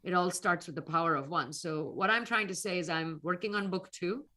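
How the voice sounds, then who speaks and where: A woman's voice: fairly low pitch, fairly quick, sharp tone. A middle-aged woman from North India with an Indian English accent, answering interview questions in an earnest, reflective way that turns emotional. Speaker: guest speaker, alumna scientist.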